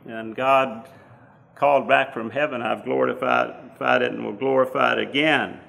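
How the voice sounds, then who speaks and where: A man preaching a sermon, teaching slowly from the Bible with frequent fillers and restarts. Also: medium pitch, steady tone, vocal fry, fairly bright tone.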